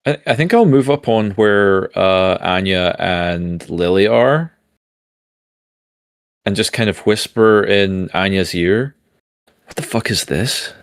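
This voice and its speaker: A man's voice: sits low, lively intonation, takes it slowly, smooth, dry recording, clean studio sound. A man playing a tabletop game with a laid-back, wry manner, often sounding confused. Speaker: player.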